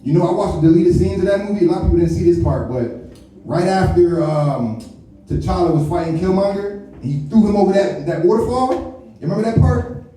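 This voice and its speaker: A man's voice: sits high, brisk, dark tone, slight background noise. A man doing a live stand-up comedy set, talking loose and slangy with plenty of swearing and mock impressions. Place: comedy club stage. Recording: echoey venue picked up from a distance.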